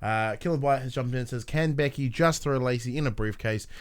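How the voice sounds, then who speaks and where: Guy on a podcast, mid-pitched, laid back, drops the odd swear. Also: fairly quick, clean tone. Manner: laid-back, swears casually, short interjections. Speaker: podcast co-host. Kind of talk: casual podcast chat.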